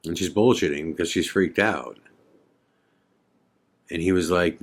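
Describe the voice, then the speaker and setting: Male podcast host with a deep voice, recounting events casually and quoting other people's lines. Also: unhurried. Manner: conversational, filler-heavy retelling with quoted dialogue. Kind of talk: casual storytelling.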